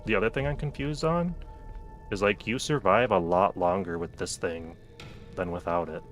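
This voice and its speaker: A man's voice: low voice, moderate pace, a bit bright, soft background music. A man streaming a game late at night, chatting casually, joking, and talking to the characters on screen. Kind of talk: casual gameplay commentary.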